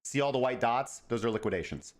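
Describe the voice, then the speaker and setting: A man's voice: mid-range voice, fast. Male crypto show host, casual and profane, rambling and self-deprecating. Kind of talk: casual market commentary.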